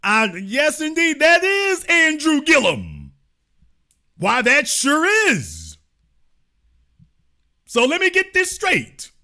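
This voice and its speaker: A middle-aged man hosts his own show with a high, lively voice that swoops up and down. His tone is bright and sharp, and he talks in mocking, theatrical rhetorical questions. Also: slow pace, pauses often. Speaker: online show host. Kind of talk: sarcastic political commentary.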